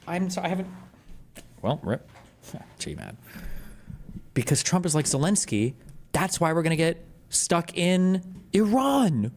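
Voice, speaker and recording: A man streaming a reaction to a video, talking casually with sarcastic loud outbursts and mocking laughs. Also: a little high, sing-song, a little slow, pauses often, slight background noise.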